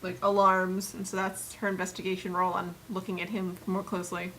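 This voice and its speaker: Brief: female player with a bright, sharp tone, casual. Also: on the low side, monotone, a little fast, a little hiss or hum, poor audio. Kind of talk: casual tabletop role-play.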